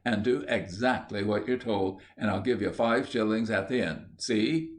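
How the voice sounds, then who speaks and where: A man voicing a tired, gruff pipe-smoking showman who brushes everyone off. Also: on the low side, normal speed, natural voice. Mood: weary. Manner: wearily dismissive, snapping.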